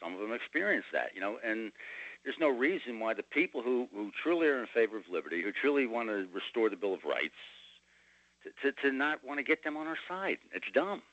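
A man hosting political talk radio, speaking haltingly with many restarts, on a dull lo-fi recording. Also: mid-range voice, sing-song, fairly bright tone, no echo.

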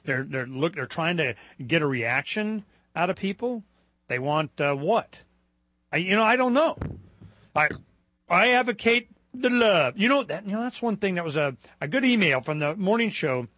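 Male talk radio host, high voice, bright tone, dry close mic, rambling and animated. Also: moderate pace, no room sound. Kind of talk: casual political talk radio.

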